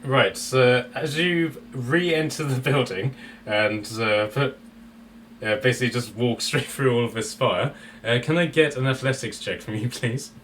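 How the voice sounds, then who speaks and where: A man narrating as dungeon master, halting with fillers and laughing often. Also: mid-range voice, fairly bright tone. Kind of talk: narrating a tabletop game. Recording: distant mic with faint background noise.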